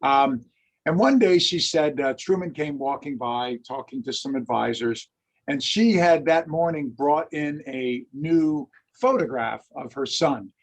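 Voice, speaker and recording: Male history lecturer, husky and gravelly, an animated anecdote-teller. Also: a little high, unhurried. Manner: animated storyteller, acts out quotes. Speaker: lecturer and teacher.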